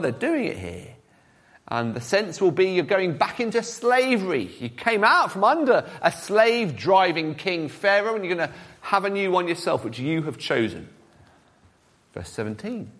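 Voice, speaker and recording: Animated high-pitched male preacher. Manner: animated, questions the congregation directly. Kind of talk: sermon.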